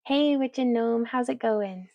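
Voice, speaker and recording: A woman's voice: on the high side, measured pace, no echo, muffled recording. A woman hosting a casual crafting livestream, chatting as she works and reading viewer comments aloud. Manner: chatty, reads viewer comments aloud, talks to her dog.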